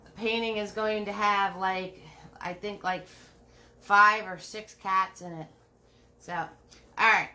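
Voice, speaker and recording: A woman's voice: mid-range voice, fairly even intonation, slow, pauses often, bright, forceful tone. A woman giving a live painting lesson, chatting with viewers by name and repeating each step with a frequent "right?". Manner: repeats steps, asks "right?" often. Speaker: painting instructor.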